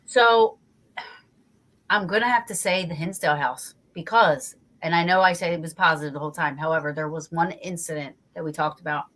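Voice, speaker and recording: Lively storytelling woman from New Jersey. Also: low voice, fairly quick. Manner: animated, swears, acts out her own reactions. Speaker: guest investigator. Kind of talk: casual storytelling interview.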